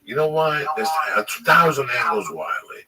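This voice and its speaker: A man's voice: fairly high pitch, lively intonation, normal speed, over a noisy crowd. A middle-aged man, a comedian and host, in casual chat, telling rambling, profanity-laced stories and putting on voices for others. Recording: distant mic with loud background noise.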